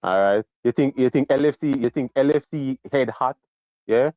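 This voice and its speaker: A man's voice: mid-range voice, moderate pace, no echo, muffled recording. A man calling in to a football stream and ranting about a lost bet, hammering each point with a repeated "yeah?".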